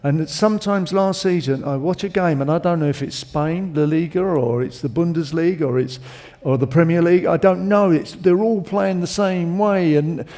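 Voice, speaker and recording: Dude chatting football, soft mellow voice, a bit high. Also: male voice, normal speed, few pauses. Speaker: pundit. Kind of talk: casual football chat.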